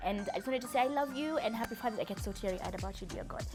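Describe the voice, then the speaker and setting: A woman's voice: a little high, racing, over music. Giggly young woman, heartfelt. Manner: chatty, giggly, emotional. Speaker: vlogger. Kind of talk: heartfelt personal address.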